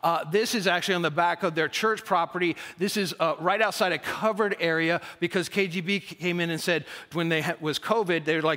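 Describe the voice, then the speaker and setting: A man's voice: fairly high pitch, fairly even intonation, a little fast, few pauses, bright, forceful tone. A male pastor preaching with enthusiasm, repeating key points for emphasis in a large church hall. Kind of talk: sermon. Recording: long hall reverb.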